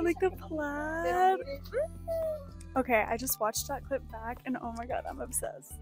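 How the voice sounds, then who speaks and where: Music plays behind this young woman from Texas as she narrates her thrift-store vlog and voice-over. Her high voice moves at a measured pace, and her casual chat is bubbly, gushing, and packed with exclamations.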